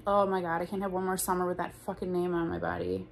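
A woman's voice: on the low side, flat delivery, fast talker, vocal fry, slight background noise. A young woman in a casual storytime vlog, talking bluntly and profanely with lots of "like". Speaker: vlogger.

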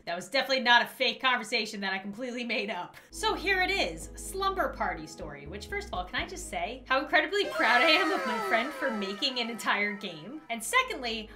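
A woman's voice: on the high side, brisk, few pauses, faint music behind. A woman hosting a gaming video, giving playful commentary, joking sarcastically and reading game dialogue aloud. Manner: expressive, sarcastic, reads game text aloud. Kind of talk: playful let's-play commentary.

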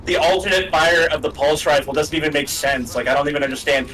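Young male co-host, bright rambling gaming chat, sits back from the mic. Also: fairly high pitch, fast. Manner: rambling, filler-heavy, emphatic. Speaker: let's play co-host. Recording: voice a bit far from the mic.

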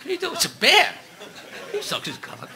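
A stand-up comedian telling rapid-fire dirty jokes, shouting his punchlines and laughing at his own gags. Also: extremely high pitch, wildly swooping pitch. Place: comedy club stage with live audience. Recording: noisy live club recording with crowd.

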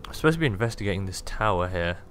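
Jokey lad commentating a game. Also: male voice, sits low, expressive, rapid-fire, fairly bright tone, soft background music. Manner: jokey, rambling, self-amused. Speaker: gaming video host. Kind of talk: casual gameplay commentary.

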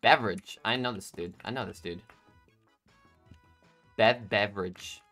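A man giving excitable gameplay commentary, laughing often and talking to himself and his opponents. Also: fairly low pitch, measured pace, faint music behind. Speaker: gaming YouTuber.

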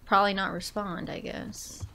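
A woman hosting a let's play, chatting casually and thinking aloud, now and then dropping to soft asides. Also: medium pitch, level tone, moderate pace, slight background noise. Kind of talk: casual gameplay commentary.

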